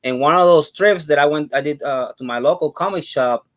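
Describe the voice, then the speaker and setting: A man co-hosting a casual comics podcast, telling stories in a relaxed, enthusiastic way. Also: a little high, brisk. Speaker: podcast co-host.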